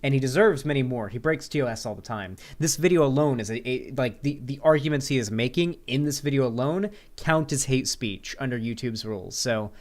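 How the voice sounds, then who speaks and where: A man's voice: medium pitch, fairly quick, few pauses, darkish tone. A male streamer in casual livestream chat, answering viewers aloud in a rambling, sarcastic and profane way.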